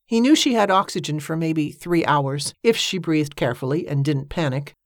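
A woman narrating a story in a measured, steady storytelling manner. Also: sits low, no room sound, clean studio sound. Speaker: audiobook narrator. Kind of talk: scripted narration.

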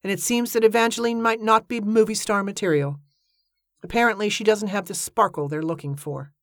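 A woman reading the part of a bossy, impatient woman manager who shouts her lines. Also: mid-range voice, fairly quick, dry recording, studio quality, voice pushed up, natural voice. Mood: matter-of-fact. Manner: loud, shouting.

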